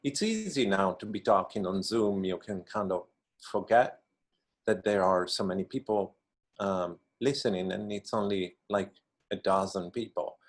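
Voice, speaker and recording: A man's voice: sits low, unhurried. A man in a class on a video call, asking a hesitant question with fillers. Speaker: student.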